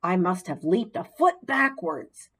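A woman narrates a children's storybook, slow and unhurried, with a lively, rising and falling melody. Her reading is expressive and gently dramatic. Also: on the low side, husky, poor audio. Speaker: audiobook narrator.

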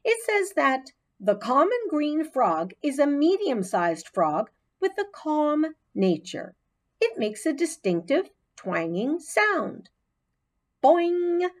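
A woman reading aloud voices a patient but firm schoolteacher who gently scolds her class. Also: high voice, big pitch swings, voice pushed up, exaggerated voice. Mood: stern. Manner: brisk, gently scolding teacher voice.

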